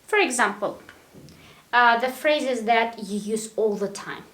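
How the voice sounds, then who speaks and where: Slow, patient woman teaching English. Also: a little high, a bit bright, roomy sound. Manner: patient, repeats examples, keeps checking with "right?". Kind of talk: teaching grammar to learners.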